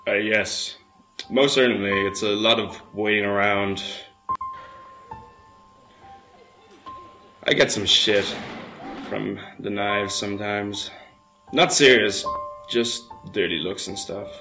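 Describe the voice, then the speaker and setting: Casting: a man as a meek, deadpan young man convinced he's a fork, low gravelly voice, loud music playing under him. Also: a little slow, rough recording. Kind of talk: mockumentary acting.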